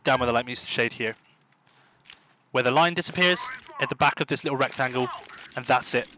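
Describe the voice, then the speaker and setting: A man's voice: mid-range voice, a little fast, sharp tone, slight background noise. A man giving an eager, repetitive gameplay tutorial commentary as a gaming tips host. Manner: eager, repetitive, often asks "do you know what I mean".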